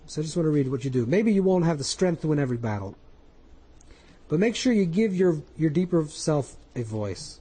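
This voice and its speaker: A man's voice: a little high, warm tone, husky, poor audio. A man, a rabbi, giving an earnest spoken Torah class, coaching listeners through their inner voices with frequent repetition.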